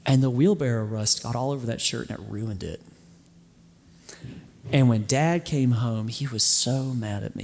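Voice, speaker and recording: A man preaching a sermon, telling a story earnestly and slowing down for emphasis before closing in prayer. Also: mid-range voice, in a large hall. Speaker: pastor.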